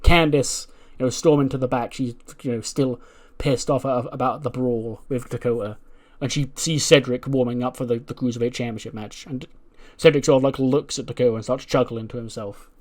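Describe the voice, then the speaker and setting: A man's voice: medium pitch, fairly even intonation, fairly quick, few pauses, a little mellow. A man talks through a wrestling management game in casual commentary. His delivery is loose and rambling, full of fillers, with plenty of swearing along the way. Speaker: gaming video creator.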